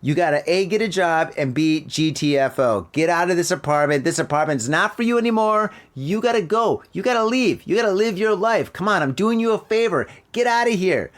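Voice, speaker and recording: A man's voice: sits high, expressive, brisk, few pauses. A man voicing a fed-up middle-aged mother who bossily orders her grown son to move out and live his life. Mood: exasperated. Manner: bossy, urgent, pep-talk commands.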